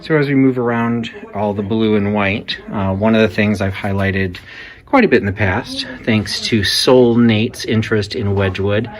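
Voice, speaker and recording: A man's voice: fairly low pitch, fairly even intonation, normal speed. A man giving conversational walk-through commentary while browsing an antique shop, explaining items with frequent fillers. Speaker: antique reseller vlogger. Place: antique shop in a Victorian house.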